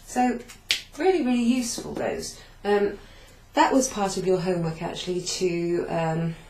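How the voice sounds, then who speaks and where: Warm and a touch slow, a woman with a lowish voice patiently recaps a beginner Italian class, repeating key phrases. She writes on a whiteboard while speaking, occasionally turning away. Her echoey room has a faint hum in the background.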